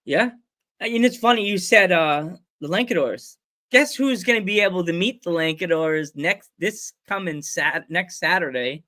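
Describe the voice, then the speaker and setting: An American man hosts a casual podcast over a remote call mic, chatting and rambling while laughing often. His voice sits high, bright and forceful, at a normal speed.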